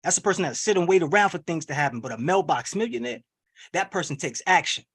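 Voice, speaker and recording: A man coaching on an online webinar, rallying listeners with an energetic, preachy call-and-response style over a video call. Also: sits high, fast talker, breathy edge. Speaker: wealth coach hosting a webinar. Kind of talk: hype motivational webinar coaching.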